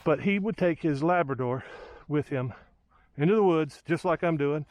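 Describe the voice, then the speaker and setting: A man's voice: fairly high pitch, moderate pace, darkish tone, dry recording. A man, thinking aloud with lots of fillers as he films a walk through the woods. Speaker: hiker vlogger. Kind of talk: casual walking commentary. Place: outdoors in woods by a lake.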